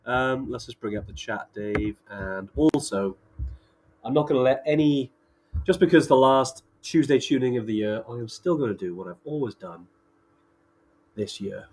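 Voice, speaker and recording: A man's voice: medium pitch, moderate pace, a little mellow. A Welsh man co-hosting a casual live-stream chat, chatty and laughing often, with plenty of fillers. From Wales. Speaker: co-host.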